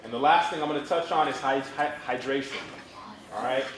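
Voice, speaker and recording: A man's voice: mid-range voice, brisk, reverberant, recorded from a distance, a crowd in the background. A man speaking to children at a fitness camp about nutrition, coach-like and full of questions he answers himself. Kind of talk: energetic talk to children. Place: community center event with children.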